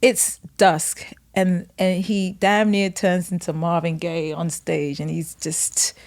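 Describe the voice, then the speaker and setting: A woman's voice: lowish voice, slow. A woman guest on a podcast, telling a story in a casual way, acting out the voices of other people with laughter. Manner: animated, acts out quotes with laughs.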